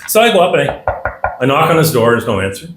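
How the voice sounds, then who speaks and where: A man's voice: mid-range voice, big pitch swings, quick pace, background noise. Folksy man telling stories in an echoey hall. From Canada. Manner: folksy, humorous, acts out the people in his stories. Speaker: after-dinner guest speaker. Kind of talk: anecdotal storytelling speech. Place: dinner hall.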